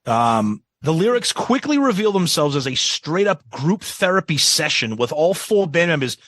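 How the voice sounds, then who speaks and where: A man co-hosts a podcast in relaxed, casual chat, his voice bright and a little high. He moves up and down a lot in pitch, and often stalls with ums and restarts. The sound is close and dry. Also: moderate pace, dry recording. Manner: hesitant, many ums and restarts. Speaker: podcast co-host.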